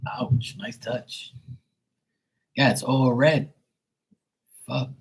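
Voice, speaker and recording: A man hosting a casual live stream, cursing freely and joking with viewers, then softly soothing his dog. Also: medium pitch, extremely slow, vocal fry, breathy edge, rough recording. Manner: loose, profane, teasing banter with viewers. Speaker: live stream host reading chat.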